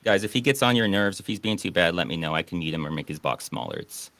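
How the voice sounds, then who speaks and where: A man's voice: deep voice, expressive, fast talker, a bit bright, no echo. A man hosting a casual online chat, joking and sarcastic. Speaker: podcast host.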